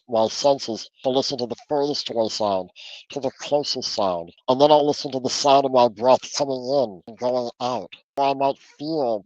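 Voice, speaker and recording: A man's voice: mid-range voice, darkish tone, no echo. Man, podcast guest coach, earnest and instructive, repeats words, dry close audio, slightly muffled. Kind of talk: podcast interview, coaching advice. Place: home office.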